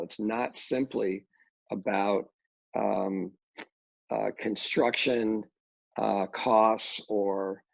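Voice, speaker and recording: Gravelly middle-aged man, halting speech. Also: on the low side, a little mellow, no room sound. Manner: halting, many restarts and fillers. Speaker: real estate developer, guest. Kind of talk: casual interview talk. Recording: dull lo-fi dry audio.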